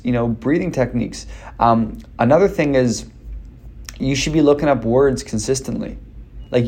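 A man talking casually as a speech coach, energetic and direct, with many fillers and restarts. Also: medium pitch. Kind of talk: casual advice talk.

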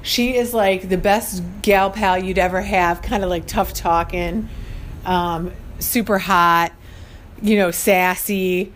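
A woman's voice: fairly low pitch, steady tone, slow pace, a little hiss or hum. Rambling, chatty woman podcast host. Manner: rambling, chatty, often laughing. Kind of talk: casual solo podcast chat. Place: her studio.

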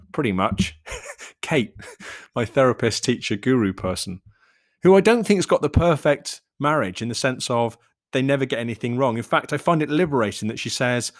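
A man talking alone on his own podcast, reflective and rambling, swearing casually and often laughing. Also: medium pitch. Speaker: podcast host and coach. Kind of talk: solo podcast monologue.

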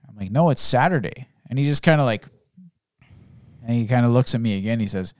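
A man in his thirties in casual chat, telling lively, profane stories about his son and acting out the boy's lines. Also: medium pitch, brisk, no room sound, clean studio sound. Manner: animated storyteller, swears freely, acts out his son's voice.

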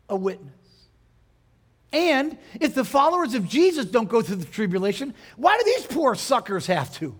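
Man, pastor, high voice, sermon, questions to the congregation, emphatic. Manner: conversational preaching with rhetorical questions to the congregation.

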